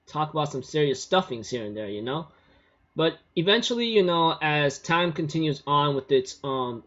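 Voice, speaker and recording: A man recapping an anime episode in a loose, rambling way. His voice sits a little high for a man, he laughs often, and he leans on "you know". The recording sounds dull and lo-fi. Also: a bit bright. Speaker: anime reviewer. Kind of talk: casual spoken recap. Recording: muffled lo-fi recording.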